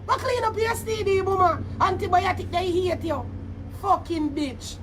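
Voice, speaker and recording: A Jamaican woman vlogger with a high-pitched voice rants straight to the camera, mocking and cursing in heated bursts. A faint hum of background noise sits under her. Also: normal speed, fairly bright tone. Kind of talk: angry insult rant to camera.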